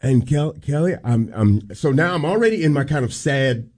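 A man co-hosting a radio show, telling a personal story on air in a casual, earnest, halting way. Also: mid-range voice, lively intonation, darkish tone.

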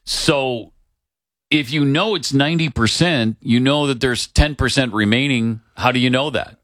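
A man's voice: medium pitch, measured pace, a bit bright, dry recording, studio quality. A man co-hosting a casual political chat with a wry, dryly ironic manner.

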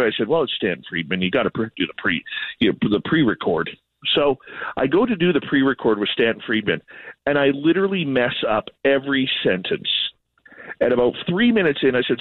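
A man from Canada, a radio host, telling an animated, self-deprecating story in casual chat. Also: medium pitch, brisk, dry recording. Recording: tinny phone line.

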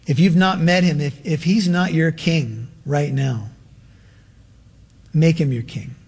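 A male pastor preaching a sermon and leading a prayer in an earnest manner, slowing down for emphasis. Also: fairly high pitch, gravelly, darkish tone, husky.

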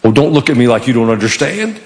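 A man's voice: mid-range voice, sing-song, fast, a little mellow, big-room sound. A man preaching a sermon in church, telling a story with animation and acting out the quoted lines. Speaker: pastor.

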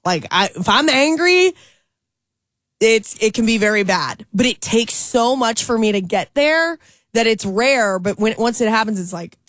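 A woman co-hosting a morning radio show, chatting in a lively way with lots of likes and restarts. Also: on the high side, a little slow, no room sound. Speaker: radio co-host. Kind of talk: casual morning radio chat.

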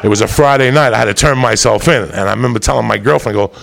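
A man telling a long, profane story in a loose monologue, animated and jumping into loud voices for the people he quotes. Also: mid-range voice, rapid-fire. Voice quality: gravelly.

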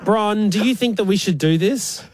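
A man, co-hosting casual banter, animated and quick to laugh. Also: high voice, background noise. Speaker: radio co-host.

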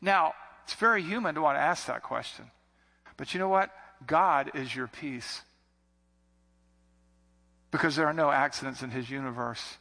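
A man's voice: on the high side, moderate pace, gravelly, pauses often, sharp tone, in a large hall. A man preaching a sermon as a pastor, building to emphatic repetitions.

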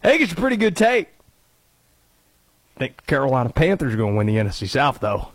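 A man with a Cajun accent hosting a sports talk radio show, jokey and animated. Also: quick pace, breathy edge. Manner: animated, jokey, swings pitch up and down.

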